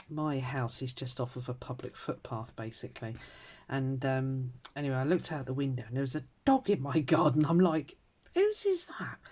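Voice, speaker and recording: Woman, fifties, deep voice, rambling chatty stitching vlog. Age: 50s. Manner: rambling and chatty, drifts into quiet muttering. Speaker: crafter vlogger. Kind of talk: casual chat while stitching. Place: at home.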